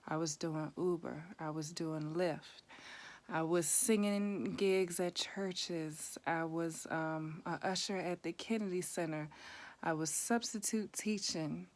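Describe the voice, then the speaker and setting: Woman, 30s, low voice, unhurried candid testimony, rises into emphatic outbursts. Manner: candid, conversational, bursts of raised intensity. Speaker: vlogger telling her story.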